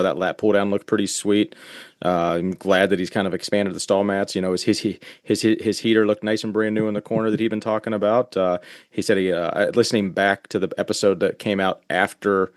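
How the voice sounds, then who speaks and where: A man's voice: fairly low pitch, flat delivery, fast, dry recording, clean studio sound. A man co-hosting a podcast, giving a casual, rambling recap full of fillers. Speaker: podcast co-host. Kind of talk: casual chat.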